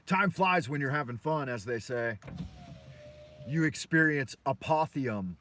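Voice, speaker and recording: Here a Los Angeles man with a medium-pitched, fairly bright voice hosts a live morning show from his car, recorded with no echo. His storytelling is loose, profane and wandering, the rambling talk of an American live-streamer.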